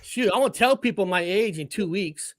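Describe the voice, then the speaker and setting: Animated, profane man telling a story. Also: high-pitched, normal speed, no room sound. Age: 40s. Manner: animated, profane, restarts and self-corrections. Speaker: guest. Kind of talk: casual storytelling.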